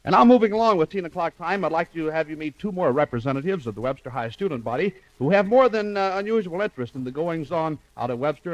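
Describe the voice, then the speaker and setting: Fast-talking, teasing 1950s radio host man. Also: a little high. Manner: chatty, teasing. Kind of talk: live radio interview. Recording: dull lo-fi 1950s radio recording.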